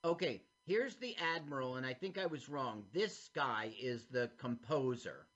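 A man co-hosting a podcast, casually commenting on an animated film as it plays, animated and chatty. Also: mid-range voice, a little slow. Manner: animated, talks over the film. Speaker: podcast co-host. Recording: dull lo-fi sound.

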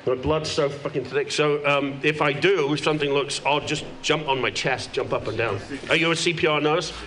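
A man's voice: on the high side, steady tone, moderate pace. A man with a London accent doing a stand-up comedy set on a club stage, brash, profane and self-mocking, talking into a handheld mic. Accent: London English. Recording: echoey club with loud audience.

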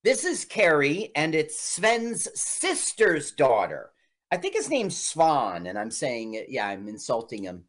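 A man's voice: on the high side, wildly swooping pitch, unhurried, fairly bright tone. A man co-hosting a casual movie commentary, chatting through film history. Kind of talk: casual chat over a movie.

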